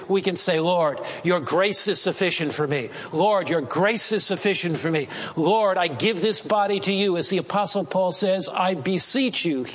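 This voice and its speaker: A man preaching a Bible class sermon, emphatic, repeating phrases for stress and slowing down on key words. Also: sits high, fairly bright tone, big-room sound.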